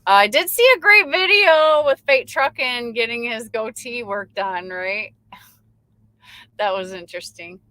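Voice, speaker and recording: Bright-voiced chatty woman trucker host. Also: fairly high pitch, lively intonation, unhurried, dry recording, poor audio. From Michigan. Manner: chatty, reads viewer comments aloud and laughs often. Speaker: livestream host. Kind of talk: casual chat reading live comments. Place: in her truck.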